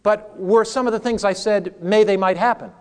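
High-voiced animated preacher. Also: male voice, normal speed, clean tone, some chatter behind. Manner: animated, asks the audience questions. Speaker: pastor and evangelism teacher. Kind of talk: interactive teaching sermon. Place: hall with a live audience.

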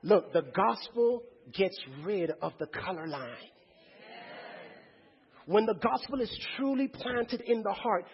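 A man's voice: high voice, slow pace, breathy edge, highs cut off. A man preaching a sermon to a congregation in a church, firing rhetorical questions and calling on the crowd to answer.

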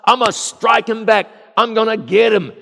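A man's voice: sits high, moderate pace, vocal fry, bright, forceful tone, pitched above the performer's own voice, full character voice. A man doing an angry vengeful man. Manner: bitter, threatening. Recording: long echo of a large hall.

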